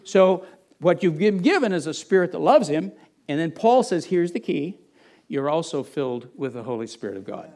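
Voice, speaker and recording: A man's voice: on the high side, big pitch swings, moderate pace, darkish tone. Man preaching a conversational sermon. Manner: conversational, with frequent restarts and asides. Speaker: pastor.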